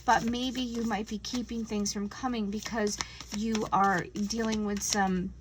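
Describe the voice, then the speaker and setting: A woman's voice: medium pitch, flat delivery, measured pace, noisy background. Earnest woman reading tarot. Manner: earnest and gentle, acts out imagined dialogue. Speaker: tarot reader. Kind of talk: casual spiritual tarot reading.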